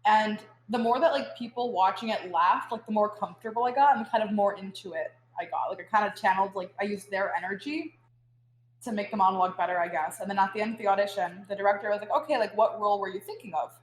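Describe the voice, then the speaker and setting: A young woman talks as a podcast guest, with an easy, chatty flow that runs on filler words. Her voice sits at a middle pitch. The sound carries a noticeable room echo. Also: fast, a little hiss or hum. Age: young adult. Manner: chatty, full of "like" fillers, animated storytelling. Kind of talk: casual podcast interview. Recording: roomy echo.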